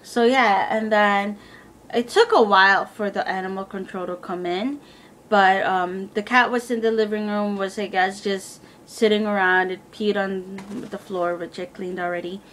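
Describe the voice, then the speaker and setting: A woman's voice: medium pitch, steady tone, normal speed, a bit bright, slight background noise. A young woman casually telling a personal story to the camera, rambling with lots of fillers and acting out what everyone said. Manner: rambling, filler-heavy retelling with quoted dialogue. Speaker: vlogger.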